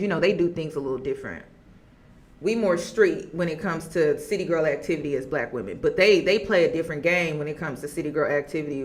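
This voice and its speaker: A woman giving casual commentary to her viewers, animated and laughing as she talks. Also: low-pitched. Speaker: commentary vlogger.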